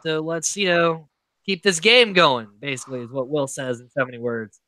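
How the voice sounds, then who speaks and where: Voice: medium pitch, steady tone, moderate pace, pushed and bright. A podcast host animatedly recapping episode drama in a casual, story-driven way, full of "like" and "he's like".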